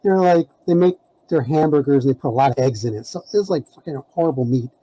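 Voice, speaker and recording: A man's voice: on the high side, quick pace, dark tone, no room sound, rough recording. A man telling a rambling story as a podcast guest, full of fillers and laughs. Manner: rambling, many "you know" fillers, laughing. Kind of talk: casual storytelling.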